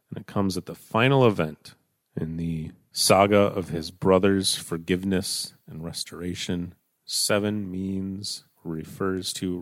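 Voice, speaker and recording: Male preacher, lowish voice, teaching scripture verse by verse, dry close sound. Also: dry recording. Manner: explains verse by verse, shifts between emphatic and hushed. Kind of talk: Bible teaching sermon.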